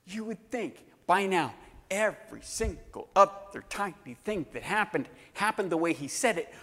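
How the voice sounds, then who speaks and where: A man delivers a sermon in a bright, high voice that leaps up and down as he acts out quoted lines. His words ring out with a long reverb, as in a large church hall. He shifts from loud exclamations to low, hushed asides. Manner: animated, acting out quoted voices. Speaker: pastor.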